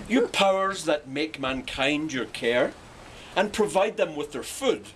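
A man recites verse slowly and dramatically, savoring each line. His voice sits a little high. A faint hiss runs under the clip. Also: very animated, fairly bright tone. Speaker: reciter of a poem. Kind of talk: poetry recitation. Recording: online clip with faint background noise.

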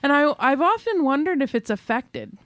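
A woman's voice: high voice, very animated, moderate pace, fairly bright tone, no echo. Chatty woman, dry sound. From Michigan, USA. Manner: chatty, amused, wry. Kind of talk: casual chat.

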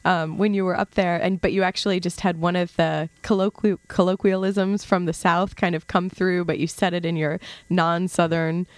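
A woman hosting a radio interview in a studio, speaking haltingly with many fillers. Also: on the low side, steady tone, dry recording. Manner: halting, with many fillers and restarts, laughs easily. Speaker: radio show host. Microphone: studio mic.

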